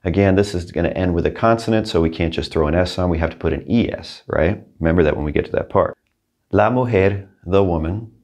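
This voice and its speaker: A man with a low voice gives a recorded lesson. He is patient and encouraging, and he slows down to repeat each word for the learner. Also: a little mellow. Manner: patient, encouraging, repeats words slowly for practice. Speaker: Spanish teacher.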